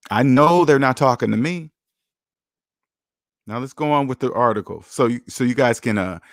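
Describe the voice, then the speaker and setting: A man's voice: mid-range voice, dry recording, studio quality. A man hosting a finance video, lecturing his viewers in an emphatic, repetitive way and reading an article aloud with running commentary. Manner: emphatic, repetitive, lecturing, swings loud and soft. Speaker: personal finance vlogger.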